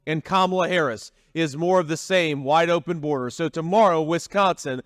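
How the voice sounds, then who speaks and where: A man's voice: on the high side, moderate pace, dry recording, studio quality. A man giving a campaign rally speech, talking in a folksy, repetitive way with frequent restarts. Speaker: political candidate at a rally.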